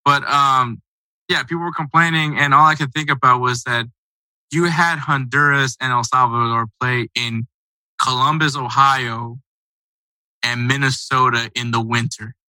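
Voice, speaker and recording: A man's voice: mid-range voice, steady tone, measured pace, pushed and bright, no room sound, poor audio. A man hosting a casual sports podcast, talking in a loose, rambling, conversational way. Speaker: podcast host.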